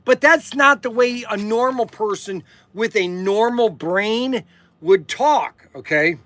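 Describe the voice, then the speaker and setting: A man's voice: high voice, slow, a bit bright, no room sound. A man hosting a casual livestream, rambling and repeating himself, tacking "okay" onto his sentences. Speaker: livestream host.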